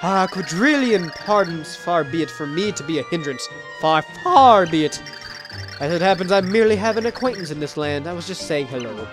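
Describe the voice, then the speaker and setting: A man's voice: a little high, expressive, normal speed, natural voice. A man with a Southern US accent voicing a smug, florid jester-magician villain with mock politeness while reading game dialogue. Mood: sly. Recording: game music behind.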